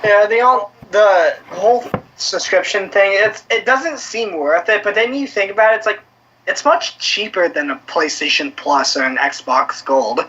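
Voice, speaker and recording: A man co-hosting a casual gaming podcast, talking in an animated, profane way and bursting into shouts. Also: sits high, unhurried. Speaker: podcast co-host. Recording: dull lo-fi audio.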